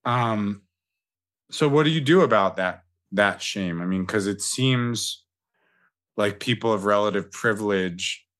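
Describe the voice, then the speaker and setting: A man's voice: fairly low pitch, measured pace, a bit bright. A man hosting a podcast, talking in a loose, reflective way with casual asides. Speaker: podcast host. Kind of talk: casual conversational interview.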